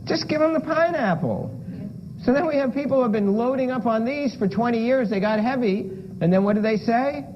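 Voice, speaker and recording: A man's voice: very high-pitched, brisk. A man giving a playful lecture with props to a room of listeners, firing questions at the audience. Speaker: lifestyle medicine lecturer. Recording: dull lo-fi lecture recording with noise.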